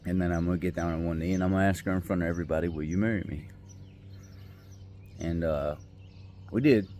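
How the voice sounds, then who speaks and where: A man's voice: sits low, fairly even intonation, fast talker, darkish tone, a little hiss or hum. A middle-aged man, telling a personal story in a rambling, folksy, heartfelt way. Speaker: vlogger. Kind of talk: casual storytelling vlog. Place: outdoors by a river.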